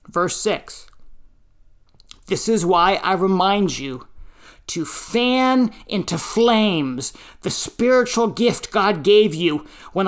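A pastor giving a sermon, reading scripture and teaching with deliberate, emphatic phrasing. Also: mid-range voice, fairly bright tone.

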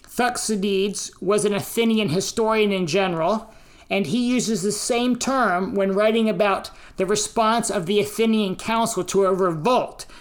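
An American woman preaching a sermon, teaching slowly and deliberately and giving emphasis to the quotes she reads out. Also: mid-range voice. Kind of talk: sermon on scripture and history.

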